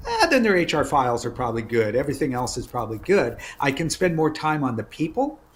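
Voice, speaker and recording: A man's voice: medium pitch, fast, slight background noise. Candid middle-aged man telling work stories. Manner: candid, storytelling, animated asides. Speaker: executive guest. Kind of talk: casual interview chat.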